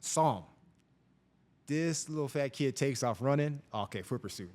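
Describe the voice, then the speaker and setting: A middle-aged man telling police stories in a relaxed interview. His voice sits at an ordinary middle pitch, and he jumps into other people's voices as he goes. It comes across as animated, conversational storytelling. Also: moderate pace. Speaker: police officer guest.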